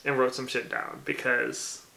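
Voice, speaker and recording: A man vlogging about a novel he is reading, excitable and profane, bursting into yells and laughter. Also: medium pitch, a little slow, gravelly, echoey room, noisy background. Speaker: book vlogger. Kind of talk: reading vlog reactions.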